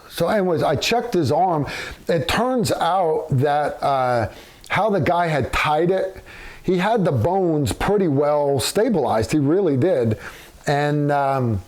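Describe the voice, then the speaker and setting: A man tells an old story from his deployment, swearing freely and circling back with fillers as he goes. His voice sits a little higher than most men's, and his delivery is blunt and rambling. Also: darkish tone. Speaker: veteran telling a war story. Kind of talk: casual storytelling.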